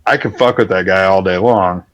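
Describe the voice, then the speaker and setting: A man's voice: low-pitched, moderate pace. A man chatting on a stream, teasing the host with crude, profane jokes. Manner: crude, teasing, swears freely. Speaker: regular on the stream. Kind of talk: casual chat.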